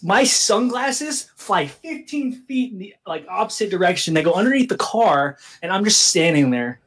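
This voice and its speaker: Brief: young male podcast co-host, husky, animated and profane in casual storytelling. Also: sits high, moderate pace, few pauses. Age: young adult. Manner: animated, swearing, laughs through his story.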